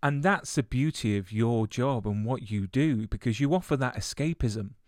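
A man's voice: medium pitch, normal speed, no room sound. A man hosts an interview in a dry, close recording. He asks his questions supportively, with affirming murmurs and a frequent "you know". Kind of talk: interview conversation.

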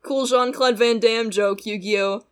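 A young woman co-hosting a casual podcast chat, talking quickly with frequent laughs and a sarcastic edge. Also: a little high, fairly even intonation, smooth. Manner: chatty, laughs often, sarcastic. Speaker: podcast co-host. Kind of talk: casual chat reviewing an anime.

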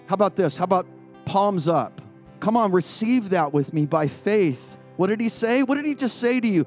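A male pastor preaching a sermon in a church courtyard, emphatic and urging, with long pauses. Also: sits high, lively intonation, a little mellow, faint music behind.

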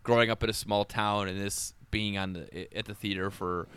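A man's voice: fairly low pitch, fairly even intonation, moderate pace, a bit bright, clear, resonant tone. A man hosting a podcast, easygoing, who steers the chat with questions to his guest. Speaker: podcast host.

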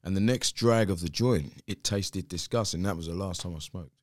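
A man who is a pastor, telling his conversion story in casual chat, relaxed and chuckling at his own past. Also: sits low, moderate pace, no room sound, studio quality.

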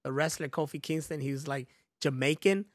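A man co-hosting a podcast in casual chat, joking loudly and swearing freely. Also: on the high side, a little fast, dry recording, studio quality. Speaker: podcast co-host.

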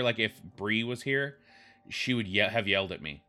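A man's voice: fairly low pitch, expressive, moderate pace, bright, forceful tone, soft background music. A man hosting a podcast, rambling through wry, self-deprecating comedic commentary.

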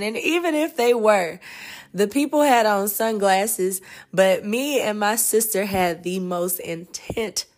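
Woman host, casual storytelling, laughs often, animated delivery, mid-range voice. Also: mid-range voice. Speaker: podcast host and energetic healer.

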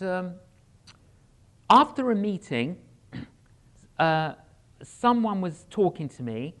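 A man preaching in a church, telling a story with humorous asides and acting out the dialogue with lively energy. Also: high-pitched. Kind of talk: storytelling sermon.

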